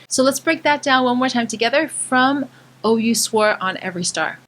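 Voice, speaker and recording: A woman vocal coach teaching a song step by step, pausing to explain and sometimes singing short lines to demonstrate. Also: a little high, expressive, a bit bright. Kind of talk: singing tutorial.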